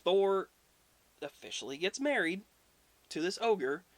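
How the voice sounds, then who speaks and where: A man casually retelling old myths for his history video, chatty and irreverent with profane asides. His voice sits a little high and sounds dry and close to the mic. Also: very animated, unhurried, no room sound.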